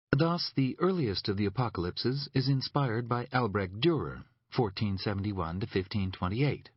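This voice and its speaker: A man's voice: fairly low pitch, slightly rough, no room sound. A man reading a formal, scholarly document excerpt in an audiobook. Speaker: audiobook narrator. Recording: dull lo-fi recording.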